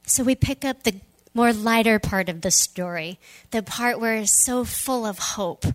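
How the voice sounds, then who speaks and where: Expressive woman preaching a sermon, dry sound. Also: fairly high pitch, unhurried, no echo. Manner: animated storytelling, acting out quoted voices, dropping to soft near-whispers. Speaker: pastor.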